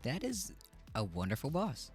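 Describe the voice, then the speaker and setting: A man's voice: mid-range voice, huge pitch swings, moderate pace, darkish tone, husky, faint music behind. A man hosting a casual chat stream, talking in a laid-back, rambling way that trails off and restarts.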